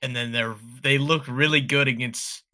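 A man's voice: mid-range voice, fairly even intonation, moderate pace, sharp tone. A man co-hosting a casual sports podcast, chiming in with short, blunt remarks. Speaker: podcast co-host.

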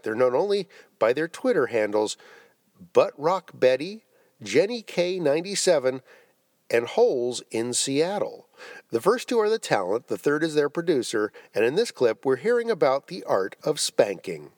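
Man, podcast host, chatty announcements, mid pitch, lively delivery. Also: no echo, clean studio sound. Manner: chatty, spells out web addresses. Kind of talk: reading show announcements.

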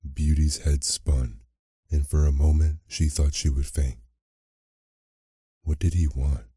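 A man narrating a bedtime sleep story in a slow, soft, measured way. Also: rumbling low, flat delivery, slightly rough, no room sound, studio quality.

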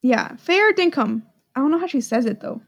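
A woman's voice: high-pitched, lively intonation, normal speed, dry recording. A woman co-hosting a podcast, chatting casually and playfully, often joking and then saying she is kidding. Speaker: podcast co-host. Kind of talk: casual chat, slang guessing game.

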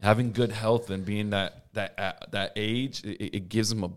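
A man's voice: on the low side, steady tone, normal speed, smooth. A man co-hosting a podcast in casual chat, agreeing readily and tagging his lines with "man.". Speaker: podcast co-host.

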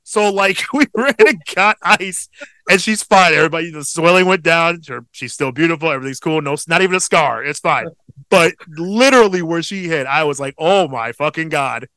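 This podcast co-host, a man in his thirties, has a voice on the high side and talks a little fast over a dry recording. It's casual chat: he's animatedly telling a family story and swearing plenty.

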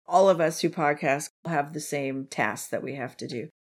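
A woman hosts a podcast over a remote call. Her voice sits a touch low, and she is gracious and laughs easily. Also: normal speed. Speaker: podcast host. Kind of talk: casual remote podcast chat.

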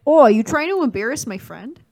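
A woman's voice: high-pitched, lively intonation, a little fast, pitched above the performer's own voice. A woman voicing a friendly, mock-tough Midwestern guy with a Wisconsin accent, backing up his buddy. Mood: folksy challenge.

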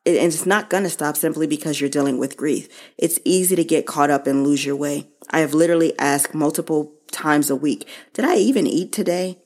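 A woman hosting her own show, speaking slowly and earnestly to listeners about losing her mother and how to grieve. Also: low voice, a little mellow. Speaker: podcast host. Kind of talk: personal reflective monologue.

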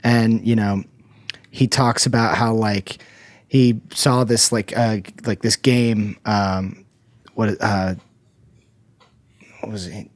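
A man in casual conversation, talking hesitantly, often pausing and restarting his sentences. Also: lowish voice, steady tone, dry recording. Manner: hesitant, many fillers and restarts. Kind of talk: casual chat.

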